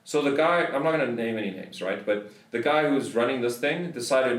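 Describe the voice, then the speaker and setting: This South African podcast host speaks briskly at a medium pitch, his voice caught by a distant mic in an echoey room. His casual storytelling turns into a heated, heavily sworn rant.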